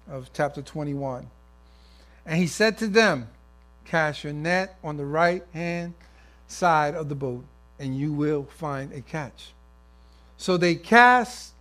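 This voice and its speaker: Higher-pitched man preaching a sermon. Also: a bit bright. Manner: acts out everyday scenes with voices.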